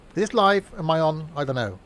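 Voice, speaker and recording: A man's voice: on the high side, lively intonation, a little fast, a bit bright. A man streaming a train simulator, talking in casual, rambling commentary full of fillers and self-mocking asides, from a home setup.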